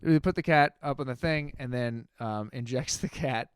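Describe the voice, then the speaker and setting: A man's voice: medium pitch, moderate pace, clear, resonant tone, dry recording, clean studio sound. A man telling stories in casual podcast chat, often acting out the voices of people in them. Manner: animated storyteller, acts out other voices. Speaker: podcast co-host.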